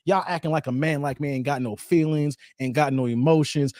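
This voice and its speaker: A man's voice: a little high, a little fast, hardly any pauses, no echo. A man banters playfully with his viewers. He laughs often and keeps coming back to "hey, man." The sound is close and dry, with no room around it. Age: 40s. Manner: animated, repeats "hey, man". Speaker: YouTube host. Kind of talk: casual live-stream chat reading viewer comments.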